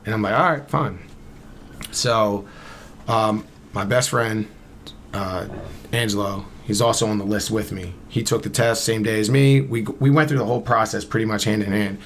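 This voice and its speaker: A man's voice: on the low side, steady tone, normal speed, fairly bright tone, slight background noise. A man in his thirties from Camden, New Jersey, a podcast guest casually telling a long story and acting out both sides of the conversation. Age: 30s.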